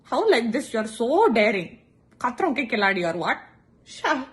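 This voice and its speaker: A young woman doing comic monologue sketches, sarcastic and animated, jumping into acted quotes. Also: fairly high pitch, moderate pace. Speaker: comedy sketch creator.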